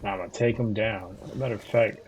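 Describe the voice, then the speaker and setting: A man's voice: lowish voice, steady tone, quick pace, darkish tone. A man streaming a video game, chatting casually with viewers in a rambling, profane way full of fillers and restarts. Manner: talks back to viewers' chat messages. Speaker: gaming streamer. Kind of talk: casual livestream chat while playing. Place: living in Florida.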